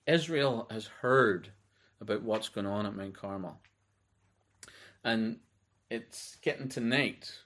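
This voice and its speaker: A man teaching through a book of the Bible in a loose, conversational way. He reads scripture aloud with a slightly low voice and carries on with easy restarts. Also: a bit bright. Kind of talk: conversational sermon.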